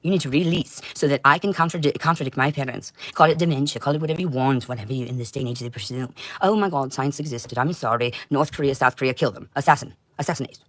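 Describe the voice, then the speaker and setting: A woman's voice: fast, few pauses, dry recording. Intense rambling woman, dry close sound. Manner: intense, rambling, swinging between loud outbursts and low muttering. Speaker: livestream host. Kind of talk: rambling livestream monologue.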